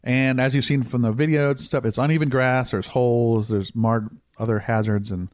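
A man's voice: mid-range voice, fairly even intonation, moderate pace, darkish tone, no echo, clean studio sound. A man hosting a casual podcast chat, cracking cheese puns and laughing easily as he explains a topic. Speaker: podcast host.

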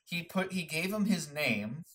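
A young man co-hosting a casual movie chat, relaxed and musing, often restarting his thoughts. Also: on the high side, a little slow.

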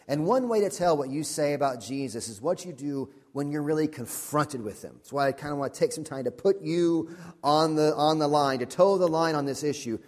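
A man preaching a sermon as pastor, earnest and emphatic, repeating questions and dropping to a quiet, intense voice for key points. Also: on the high side, fairly quick.

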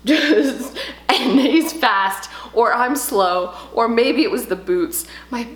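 A woman in her thirties, a home decor vlogger telling a story in casual, animated chat. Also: a little high, takes it slowly. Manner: chatty, animated storytelling with laughs. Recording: echoey room.

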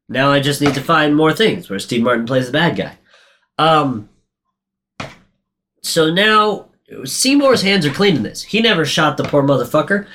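A man in loose casual chat with a bright, forceful voice. He rambles and swears freely, and jumps into acting out the scenes he describes. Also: a little high. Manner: profane, rambling, quick to act out lines. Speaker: podcast co-host recapping a movie.

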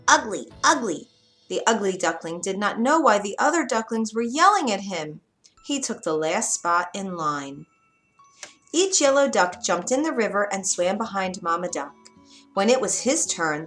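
A woman reading a children's story aloud, gentle and expressive. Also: medium pitch, normal speed, faint music behind.

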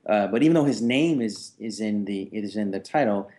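A man's voice: on the low side, a little fast, mellow. A man co-hosting a podcast, talking through his view on a film character thoughtfully, with frequent hesitations. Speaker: podcast co-host. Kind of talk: casual film discussion.

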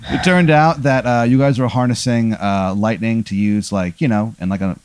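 A man spinning an absurd hypothetical in a rambling, deadpan way, with lots of ums and uhs. His voice sits at a middle pitch, and the sound is close and very dry. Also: normal speed, no room sound. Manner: rambling, filler-heavy, deadpan narration. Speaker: host posing a hypothetical. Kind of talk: improvised comedic storytelling.

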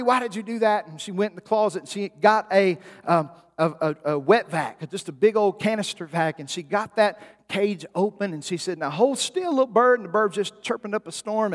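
A man's voice: high-pitched, in a large hall. A man preaching a sermon as pastor, telling stories and building to emphatic peaks. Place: church sanctuary.

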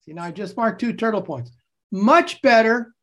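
A man coaching teachers over a video call, slowly explaining a classroom game and acting out its calls with bursts of energy. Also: sits high, expressive, a bit bright. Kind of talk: enthusiastic classroom-technique demonstration.

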